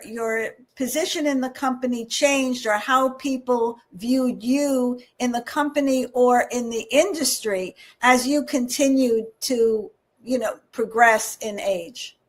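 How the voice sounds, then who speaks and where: A woman in her seventies hosting a radio interview, chatty, putting in frequent agreeing interjections. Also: on the high side. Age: 70s. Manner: chatty, with many affirming interjections. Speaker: radio host. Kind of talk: interview chat.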